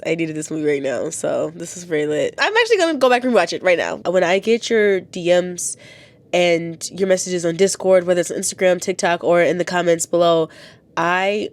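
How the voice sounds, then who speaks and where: A woman's voice: medium pitch, clean tone, dry recording. A young woman vlogger reacting to a film, talking in an effusive, emotional, gushing way. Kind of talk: casual reaction commentary.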